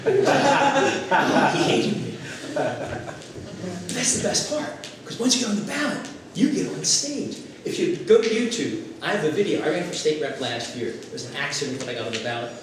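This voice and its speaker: Animated man speaking from across an echoey room. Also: fairly high pitch, a little fast. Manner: animated storyteller, acts out quotes. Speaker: political candidate. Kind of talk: stump speech. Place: former classroom at a local meeting. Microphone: far camera. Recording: echoey room, far camera, noise.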